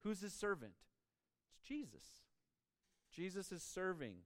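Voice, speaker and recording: A man's voice: high-pitched, very animated, a little slow, fairly bright tone, dry recording. A man preaching a sermon as a pastor, emphatic and prone to stumbling over repeated words as he starts each point.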